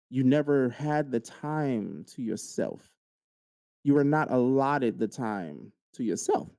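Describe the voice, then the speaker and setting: A man's voice: medium pitch, warm tone, no echo. A man hosting a podcast, speaking straight to his listeners in an earnest motivational monologue and repeating key lines for emphasis. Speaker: podcast host.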